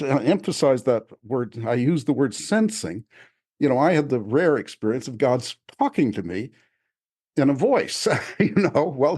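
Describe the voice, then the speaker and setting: A man, an author, talking in a relaxed podcast conversation, reflective and often chuckling as he restarts his sentences. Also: mid-range voice. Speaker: author discussing his spiritual experiences. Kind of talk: casual conversational podcast talk.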